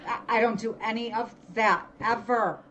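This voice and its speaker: A middle-aged woman co-hosting a casual chat show, talking in quick asides and correcting herself as she goes. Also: on the high side, steady tone, fairly bright tone, dull audio, slight background noise. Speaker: podcast co-host.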